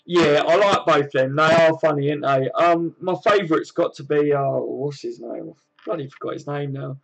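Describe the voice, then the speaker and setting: A fairly high-voiced man, casually chatting on his live stream. He reads out viewers' comments and answers them in an easygoing, slang-filled way. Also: moderate pace, vocal fry, highs cut off. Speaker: host of a fan live stream.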